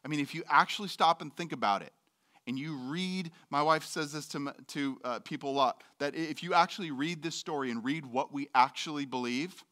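A man's voice: on the high side, normal speed, sharp tone. A middle-aged male pastor preaching a sermon in a church, candid and joking, acting out voices in his quotes.

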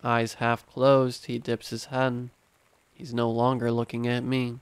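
A man reading horror stories aloud in measured, steady scripted narration. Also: mid-range voice, smooth, no room sound.

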